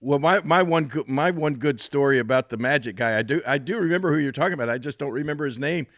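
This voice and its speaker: An older man with a Memphis Southern accent who hosts a podcast and tells stories in an animated way, chuckling often. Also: medium pitch, fast talker, dry recording, clean studio sound. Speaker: podcast host. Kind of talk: casual chat and storytelling.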